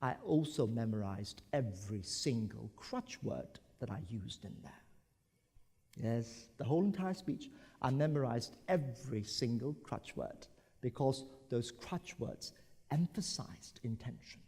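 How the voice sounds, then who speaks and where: A man from Brunei giving an animated conference talk, acting out examples as he goes. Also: medium pitch, a little slow, creaky, breathy edge. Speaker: conference speaker. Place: large conference hall. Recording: echoey conference hall.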